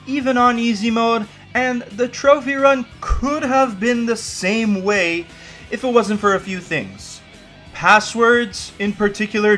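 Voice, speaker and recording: A man's voice: high voice, a bit bright. A young man narrating a scripted trophy guide for video games, with wry, self-deprecating asides. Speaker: game guide host. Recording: voice-over over faint music.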